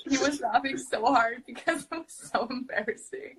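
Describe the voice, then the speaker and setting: Chatty young woman, husky. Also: high voice, fairly even intonation, normal speed, few pauses, a bit bright, poor audio. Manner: chatty, rambling, lots of fillers and laughter. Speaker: livestream host. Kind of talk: casual chat. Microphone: phone.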